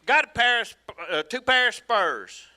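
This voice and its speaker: A middle-aged man with a Louisiana accent, an auctioneering student calling bids in a rapid, repetitive auction chant at a sale in an auction hall. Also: very high voice, big pitch swings, sharp tone.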